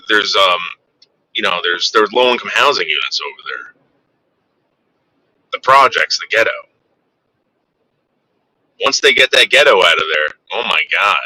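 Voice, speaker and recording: A man's voice: lowish voice, sharp tone, rough recording. A man hosting a casual livestream, chatting with his viewers and teasing them in a rambling way. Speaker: livestream host.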